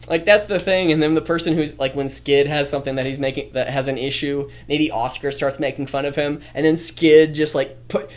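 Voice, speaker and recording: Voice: mid-range voice, fairly even intonation, a little fast, few pauses. A streamer thinking aloud while drafting a story, rambling, correcting themselves and often laughing.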